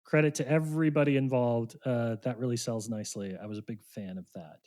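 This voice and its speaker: A man co-hosting a podcast, talking in a relaxed, conversational way. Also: medium pitch, a little fast. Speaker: podcast host. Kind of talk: casual podcast chat.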